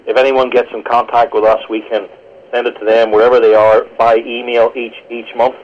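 Man, British accent, pastor, earnest and measured, muffled phone line. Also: mid-range voice, flat delivery. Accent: British English. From Britain. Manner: earnest, measured, quotes scripture with stumbles. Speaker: pastor and guest. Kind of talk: theological explanation on radio.

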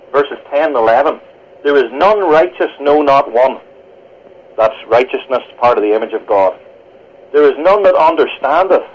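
A man with a British accent, a pastor and guest, explaining theology earnestly and quoting scripture over a phone line. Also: medium pitch. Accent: British English. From Britain. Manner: earnest, measured, quotes scripture with stumbles.

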